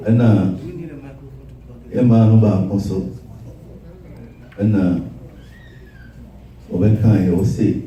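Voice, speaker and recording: A man preaches at a slow, unhurried pace with a dark, mellow tone, and he breaks into playful storytelling. He stands some way from the microphone. His voice rings through a very echoey space. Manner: animated storytelling, shifting into high mimicking voices. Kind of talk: humorous sermon with acted quotes. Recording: roomy echo, voice far from the mic.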